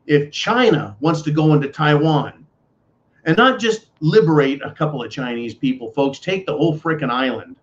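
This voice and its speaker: A man from the United States delivers a ranting commentary monologue, indignant and sarcastic, and keeps calling his listeners folks. His voice sits a little high for a man. The recording sounds dull and lo-fi. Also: lively intonation, moderate pace. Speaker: political commentary host. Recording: dull lo-fi audio.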